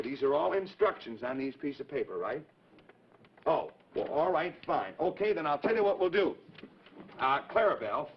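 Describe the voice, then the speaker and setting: A man hosting a live 1950s children's TV show, cheerfully talking with kids in the audience, heard through a dull old broadcast recording with faint hiss. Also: mid-range voice. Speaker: children's TV host.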